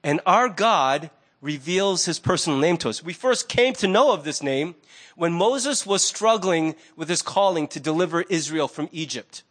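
High-voiced man preaching a sermon. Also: normal speed. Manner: conversational, animated storytelling. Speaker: pastor.

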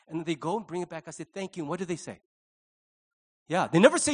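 A man's voice: high voice, lively intonation, a little fast. A middle-aged man preaching a conversational sermon, telling stories with animation and acting out the dialogue. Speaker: pastor.

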